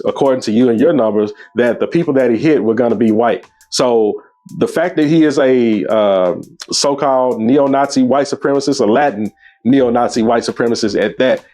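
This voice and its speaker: A man's voice: medium pitch, a little mellow. A man hosting his own show, giving opinionated commentary on a debate clip in an emphatic, scornful way that rises sharply when he gets indignant.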